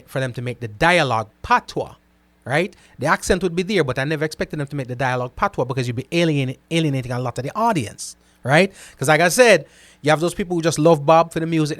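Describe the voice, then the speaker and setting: A man with a slightly high voice hosts a casual live stream, reading viewer comments aloud and answering them animatedly. He often repeats himself and checks in with "right?", and there's no room sound.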